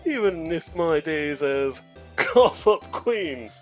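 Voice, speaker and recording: A man's voice: on the high side, expressive, takes it slowly, soft background music, voice pushed up. A man voicing a smug female lunch seller from a video game, speaking in a nasal, put-on British accent in a posh, teasing manner. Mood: sultry smug.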